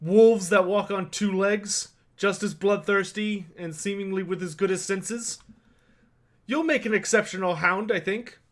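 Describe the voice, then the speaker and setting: Man voicing a cocky boy knight, high voice, haughty and bossy. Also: fairly even intonation, unhurried. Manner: haughty, commanding. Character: arrogant teenage male human knight, boastful.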